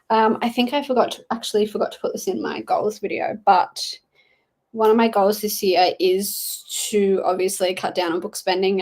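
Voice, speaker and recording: A young woman talks loosely and warmly to her viewers during a reading livestream. She rambles with lots of "um" and "like", her pitch sitting at a plain middle level for a woman. It sounds like a relaxed home stream from a small study. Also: poor audio. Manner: chatty, rambling, with frequent fillers. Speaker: livestreaming booktuber. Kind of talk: casual livestream chat reading comments.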